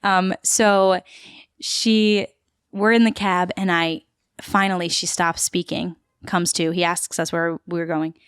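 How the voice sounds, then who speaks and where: A woman's voice: fairly low pitch, fairly even intonation, measured pace, fairly bright tone, clear, resonant tone, no echo, clean studio sound. A woman from Queens, telling a story as a chatty podcast guest with lots of fillers. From Queens, New York City. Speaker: podcast guest, actor and tour guide. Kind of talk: casual storytelling interview.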